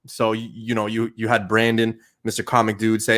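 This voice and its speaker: A man's voice: mid-range voice, fast, hardly any pauses, fairly bright tone. A man from Canada hosting a casual livestream chat, joking and loose with lots of fillers. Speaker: livestream host.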